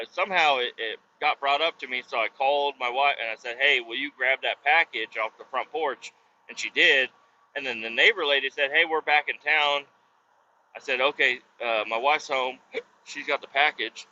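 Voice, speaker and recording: A man with a medium-pitched, sharp-toned voice hosts a podcast while driving, ranting through a rambling, swear-heavy story with exasperation. The recording is dull and lo-fi, with faint road noise.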